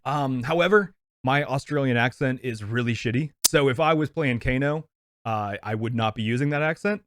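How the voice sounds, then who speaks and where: A man's voice: mid-range voice, moderate pace, fairly bright tone, no room sound, studio quality. A man co-hosting a movie podcast, chatting casually, laughing easily and often repeating himself. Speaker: podcast co-host. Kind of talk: casual movie review chat.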